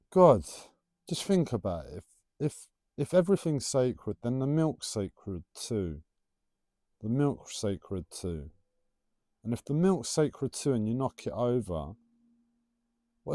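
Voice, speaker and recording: A livestreamer rambles through a casual spiritual musing, playful and teasing, his pitch rising and falling a lot. His voice is mellow and soft-edged, recorded dry and close with no echo.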